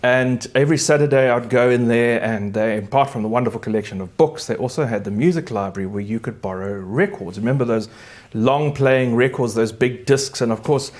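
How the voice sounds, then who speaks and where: Chatty pianist, middle-aged. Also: male voice, mid-range voice, brisk. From South Africa. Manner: warm, chatty, reminiscing, with gentle restarts. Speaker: concert pianist hosting a live concert. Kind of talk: casual spoken introductions between pieces.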